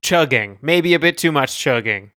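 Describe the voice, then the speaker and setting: A man's voice: a little high, animated, normal speed, bright, forceful tone, dry recording, clean studio sound. A man co-hosting a music review podcast, talking casually and searching for words as he goes. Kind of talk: casual chat.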